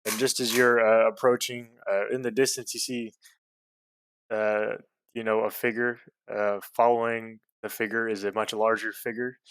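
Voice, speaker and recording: A man's voice: fairly low pitch, little pitch movement, moderate pace, a bit bright, clean tone, dry recording. A man narrating as game master of a tabletop game, hesitant with many fillers.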